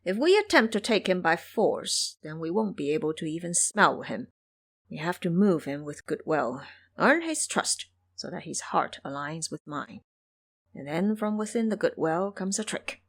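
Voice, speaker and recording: Woman doing a sly young demon lord, calm and calculating, lowish lively voice, audio drama. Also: normal speed. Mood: scheming. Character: scheming young male demon king.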